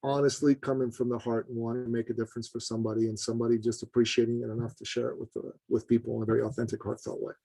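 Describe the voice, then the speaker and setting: A man's voice: very fast, gravelly, few pauses, dry recording, poor audio. A man in a podcast interview tells his story with real animation, his voice leaping upward whenever he stresses a point. He sounds earnest and direct, calling the host brother. The recording is close and dry, with almost no room sound. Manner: animated, voice jumps high for emphasis. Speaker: podcast guest, business consultant.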